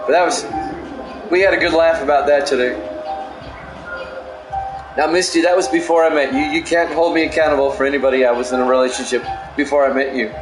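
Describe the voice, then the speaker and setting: This middle-aged male streamer calls the plays of a football game while rambling through a story to his chat and laughing often. His voice is fairly high and steady, fairly quick, with frequent pauses. Music and other background noise fill an echoey room.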